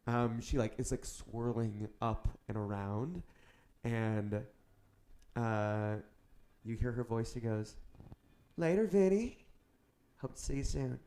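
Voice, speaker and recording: A man's voice: lowish voice, vocal fry, a little mellow. A man narrating as game master in a loose, casual way, with lots of fillers.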